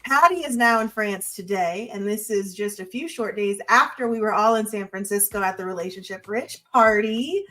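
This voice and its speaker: A woman's voice: mid-range voice, moderate pace, few pauses, fairly bright tone. A woman hosting a casual chat show, upbeat and teasing, laughing with her co-hosts. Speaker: host.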